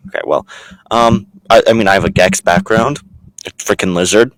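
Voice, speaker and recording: A young man with a deep, low-pitched voice talks to the camera in a comedic vlog sketch. He rambles and hesitates, with frequent ums and restarts. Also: fairly even intonation, normal speed, rough recording. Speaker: vlogger.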